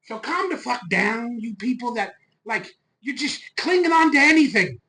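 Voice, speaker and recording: A man hosting a fan channel, ranting loud, fired-up and profane on a live stream into a phone. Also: very high-pitched, sing-song, normal speed, poor audio.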